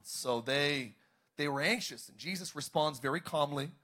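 A man preaching a sermon as pastor, calling out to the congregation and rising to shouts. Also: fairly high pitch, moderate pace. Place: church service, streamed online.

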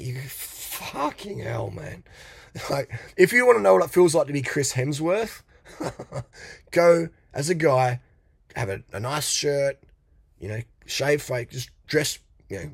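Man, middle-aged, motivational coach, swearing, mocking, husky voice, dry sound. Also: mid-range voice, no room sound. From Australia. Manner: blunt, swearing, mocking, laughs often. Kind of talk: profane motivational rant.

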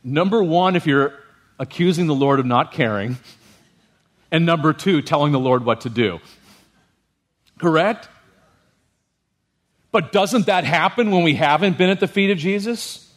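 A male pastor giving a sermon in a lively, humorous way, often checking in with the congregation. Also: a little high, a little slow, pauses often.

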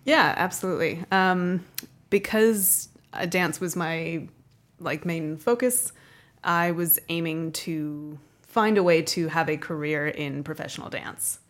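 A woman in her thirties with a North American accent talks as a guest in a relaxed interview. Her voice sits a little low, and her talk is chatty, full of fillers and frequent laughter. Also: a little slow. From North America, half Canadian, half American. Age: 30s. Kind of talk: casual interview chat.

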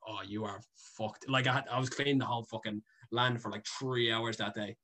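A man's voice: medium pitch, steady tone, fast talker, bright, forceful tone. A young man, a guest telling a story casually, rambling with many fillers and frequent swearing. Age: young adult. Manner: rambling, heavy with fillers and swearing, laughs often. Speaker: guest, content creator.

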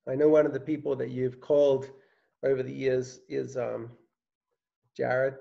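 A man, a pastor, interviewing a church member in a gentle, searching way with many conversational fillers. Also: mid-range voice, little pitch movement, measured pace, gravelly, dull audio.

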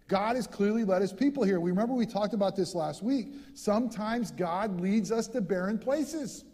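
Animated male pastor preaching in a hall. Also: sits high. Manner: animated, repeats words when fired up. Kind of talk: sermon.

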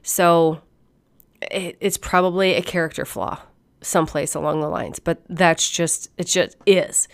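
A woman's voice: lowish voice, steady tone, unhurried. A woman coach telling a casual, blunt story with frequent swearing and laughter. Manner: blunt and profane, laughs often. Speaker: fitness and nutrition coach.

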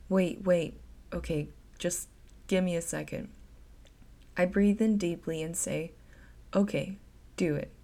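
A woman narrating a first-person horror story in an expressive, dramatic way. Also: on the low side.

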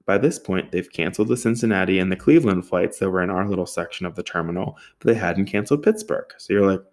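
A man's voice: sits low, fast talker, a little mellow. A young man telling a comic story in a casual, profane and sarcastic way.

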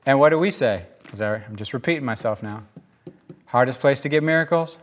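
A man preaching a sermon as pastor, with casual asides and lively storytelling in which he acts out the people he quotes. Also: mid-range voice, fairly quick.

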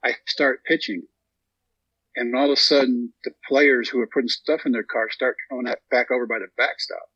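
A man's voice: medium pitch, brisk, breathy edge, no echo, muffled recording. A man in his thirties from Texas, a guest telling a long story and acting out what people said. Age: 30s. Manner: animated storyteller acting out quotes. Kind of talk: storytelling interview.

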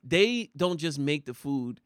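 Middle-aged male podcast host, slightly high voice, playful and quick to laugh, dry close mic. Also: dry recording. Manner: laughs often, animated and playful. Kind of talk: casual chat.

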